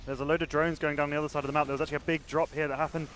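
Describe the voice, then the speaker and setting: A British man is casting a live esports match, and he rattles through his lines at a fast clip. His tone stays chatty and joking as he trades remarks with his co-caster. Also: a little high, flat delivery, a bit bright, a little hiss or hum. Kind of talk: live game commentary.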